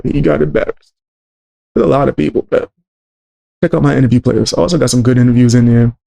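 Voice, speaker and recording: A man's voice: medium pitch, fast talker, gravelly, mellow. A man hosting a podcast in casual chat, blunt, plugging his channel and interviews. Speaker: podcast host.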